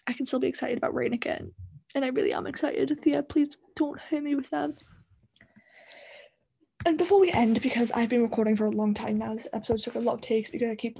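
A woman's voice: a little high, gravelly, dark tone, husky. A young woman with a Northern English accent hosting a solo book-club podcast, gushing and rambling with lots of fillers. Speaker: podcast host.

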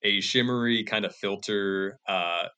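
A man's voice: lowish voice, unhurried, sharp tone, smooth. A man narrating a comedic tabletop game as game master, rambling with many fillers and restarts.

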